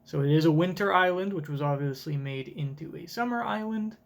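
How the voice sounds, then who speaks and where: A man's voice: a little high, brisk, gravelly, hardly any pauses. A man streaming a live comic reaction, tossing out casual, chatty asides.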